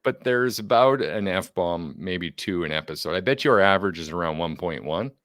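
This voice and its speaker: A man's voice: deep voice, animated, normal speed, a bit bright, no room sound, studio quality. A man co-hosting a podcast in casual chat, upbeat and joking, a little self-deprecating. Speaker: podcast co-host.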